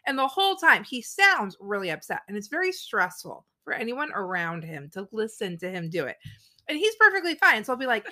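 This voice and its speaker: Her voice is a little high and fairly quick: a woman in her thirties co-hosting a podcast in a casual, chatty way. She sprinkles "like" throughout her stories and brings energy to the quotes she acts out.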